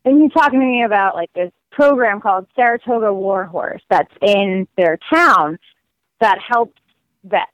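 A woman guest telling stories in a casual, lively way, full of "like" and acted quotes. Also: medium pitch, a little slow, no room sound, muffled recording. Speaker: guest describing her cross-country walk. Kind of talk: casual storytelling.

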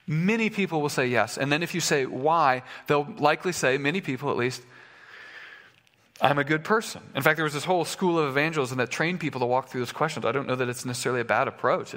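A man's voice: fairly high pitch, a bit bright, big-room sound. A male pastor preaching a sermon in a conversational way, with fillers and restarts, in a church sanctuary.

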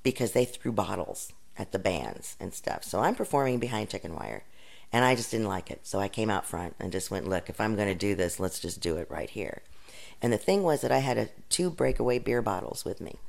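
A woman guest telling a lively anecdote in an interview, with laughing asides. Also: extremely low pitch, fairly quick, gravelly. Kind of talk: anecdotal storytelling.

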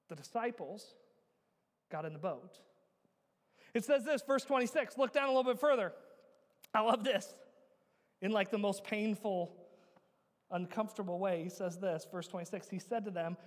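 A man in his thirties preaching with a high, ringing voice, pressing the congregation with rhetorical questions. He swings from loud urging down to hushed, heavy emphasis. The sound carries a long echo from a large church hall. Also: moderate pace, long pauses. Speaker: pastor. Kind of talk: sermon.

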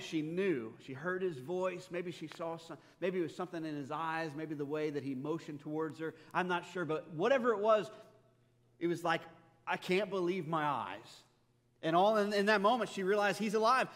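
Male pastor, slightly high voice, conversational preacher with humor, long hall reverb. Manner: conversational, animated storytelling with humor. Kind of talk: sermon. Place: church sanctuary.

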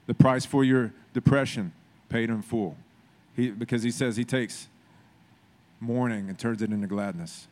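A man's voice: mid-range voice, normal speed, a little mellow. A man preaching a sermon in a conversational way, building to emphatic, repeated phrases. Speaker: pastor.

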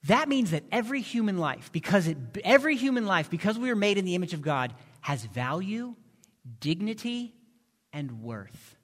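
A male pastor preaching a sermon, impassioned, moving from soft pleading to loud emphasis. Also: high voice, very animated, moderate pace. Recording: long reverb of a large hall.

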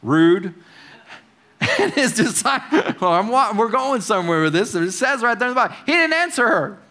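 A man's voice: very high-pitched, big pitch swings, a little fast, bright, forceful tone. A man preaching a conversational sermon in a church service, asking his congregation questions and dropping wry asides.

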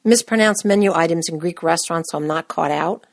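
Brief: wry woman host reading her own story, slightly low voice, dry close-miked sound. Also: brisk, vocal fry, dry recording. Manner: wry, self-deprecating humor. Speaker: podcast host. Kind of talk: scripted personal narration.

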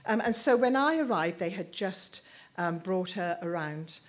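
Woman in her 50s, church talk, lowish voice, halting and teary. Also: lively intonation. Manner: emotional, halting, many restarts. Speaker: speaker at church. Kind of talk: personal testimony sermon.

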